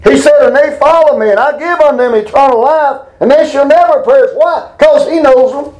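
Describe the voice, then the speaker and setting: A man preaching a plain-spoken Bible lesson. His voice sits very high for a man, and it climbs even higher when he reads verses with emphasis. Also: fairly quick, low-quality recording. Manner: folksy, emphatic, reads scripture aloud with rising pitch. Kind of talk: informal Bible teaching.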